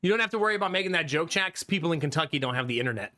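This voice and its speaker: A man's voice: fairly high pitch, expressive, very fast, bright, forceful tone. A man from Ohio streaming live, chatting with viewers, joking around and laughing often into a good studio mic. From Ohio, USA. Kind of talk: casual live-stream chat. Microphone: studio condenser mic.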